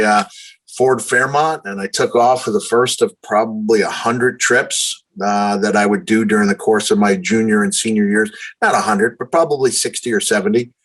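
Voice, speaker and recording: A man in his fifties, a podcast guest telling long stories with lively, self-deprecating humor. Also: on the low side, normal speed, poor audio. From New York, USA. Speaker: guest, retired wrestler. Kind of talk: storytelling in conversation.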